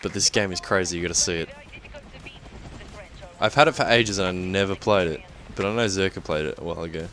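A young Australian man commenting live on a game he is playing, excitable and swearing often. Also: deep voice, a little fast, pauses often, faint music behind. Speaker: gaming commentator.

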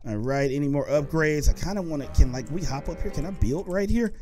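A young man giving excited let's-play commentary while gaming, often shouting and taunting the monsters. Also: a little high, fairly quick, soft background music. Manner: animated, shouts and taunts in-game enemies. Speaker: gaming YouTuber.

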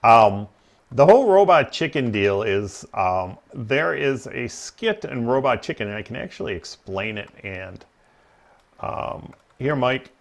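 A man hosting a gaming livestream chats casually, wandering off on tangents, laughing at his own anecdotes, and filling gaps with um. His mid-range voice is creaky, with lively intonation and a measured pace.

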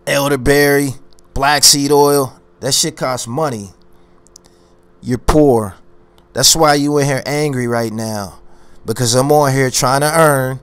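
A man's voice: mid-range voice, fairly even intonation, unhurried, fairly bright tone, smooth. A man ranting on his own commentary channel, boastful and confrontational, hammering his points by repeating phrases. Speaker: YouTube commentary host.

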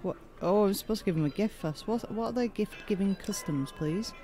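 A man's voice: sits high, brisk, mellow. A man giving casual, joking commentary while playing a video game, thinking aloud. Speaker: let's play gamer. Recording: game sounds and music behind.

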